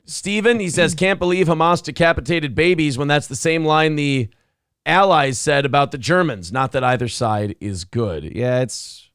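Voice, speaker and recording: A man co-hosting a talk stream, joking crudely and reading viewer donations between quips. His voice sits a little high for a man, and it is recorded close and dry with no room sound. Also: normal speed, fairly bright tone, smooth, no echo. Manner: reads donations, swears freely. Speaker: podcast co-host. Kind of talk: casual crude banter.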